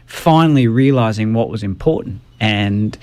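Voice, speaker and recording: A man's voice: fairly low pitch, moderate pace, a little mellow. A man, a podcast guest sharing his faith story in an earnest, emotional way. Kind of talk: personal testimony in a podcast interview.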